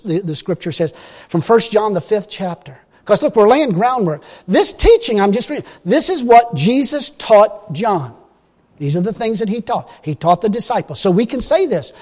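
A man preaching a sermon in a folksy, emphatic way, breaking into loud exclamations. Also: high-pitched. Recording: long reverb of a hall.

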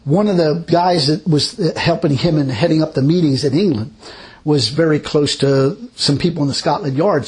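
A man with a fairly high, slightly mellow voice preaches a sermon. He weaves in personal stories, telling them in a folksy manner with plenty of chuckles.

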